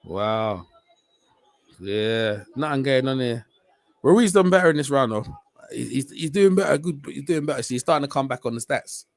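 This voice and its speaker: A man's voice: medium pitch, normal speed, creaky, no room sound. A man giving casual, slang-heavy live commentary on a boxing match as a stream host. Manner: slangy, chatty, rising to excited shouts on big punches.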